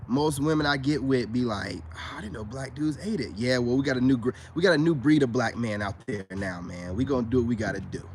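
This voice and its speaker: A medium-pitched man talks quickly with few pauses over slight background noise. As a self-styled spiritual advice vlogger, he speaks casually to camera in a boastful, preachy way. He addresses viewers directly as brothers and restates his points.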